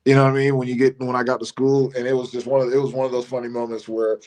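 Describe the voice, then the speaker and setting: A man, a former college football player telling casual stories as a guest on a live show, often restarting and laughing. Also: rapid-fire. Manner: animated storyteller who mimics his coach in a high voice, laughs often, many restarts.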